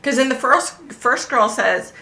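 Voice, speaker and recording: A woman's voice: high voice, unhurried. A middle-aged woman hosting a psychic livestream, telling a story in casual chat, laughing a lot and acting out what other people said. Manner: animated, laughing, mimics others.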